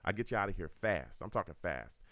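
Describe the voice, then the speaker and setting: A man's voice: low-pitched, a little fast, creaky, a little hiss or hum. A man hosting a live call-in sports talk stream, talking in an emphatic way. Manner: animated, emphatic. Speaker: host.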